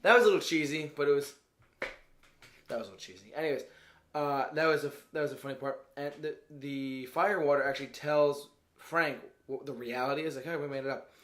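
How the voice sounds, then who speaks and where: A man's voice: a little high, fairly quick, a bit bright, a little hiss or hum. A man giving a casual, rambling movie review, often stopping to search for words and laughing as he goes. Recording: roomy echo.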